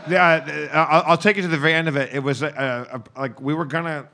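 A man's voice: on the high side, fast talker, vocal fry, pushed and bright. Stammering storytelling man. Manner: stammering, repeats words while storytelling. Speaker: podcast regular. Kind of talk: casual anecdote telling.

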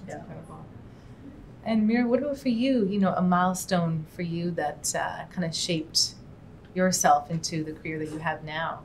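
Woman moderator, lowish voice, encouraging, faint rumble. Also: normal speed, gravelly. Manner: encouraging, frequent affirmations. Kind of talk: panel moderation.

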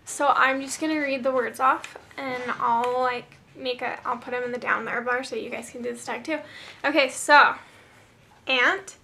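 A woman's voice: high-pitched, steady tone, moderate pace, creaky, sharp tone, slight background noise. A young woman chatting upbeat to her viewers in a casual vlog, reading out a word list. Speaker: beauty vlogger.

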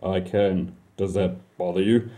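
A man voicing a mild, kindly old God in a comic story, speaking calmly and apologetically. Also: sits low, a little slow. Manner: calm, laid-back, apologetic.

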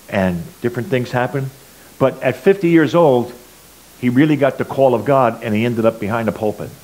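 A man's voice: mid-range voice, slight background noise, rough recording. Earnest man telling a church testimony. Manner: earnest storytelling, swings between loud and quiet. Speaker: church speaker giving a testimony. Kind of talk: sermon testimony.

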